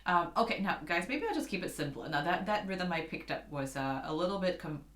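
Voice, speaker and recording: Woman teaching keys online, lowish voice, chatty, calls everyone guys, roomy echo. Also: expressive, brisk, fairly bright tone. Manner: chatty, addresses viewers as guys, scats rhythms. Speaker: piano teacher. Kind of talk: casual online keyboard lesson. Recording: echoey room with piano. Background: piano.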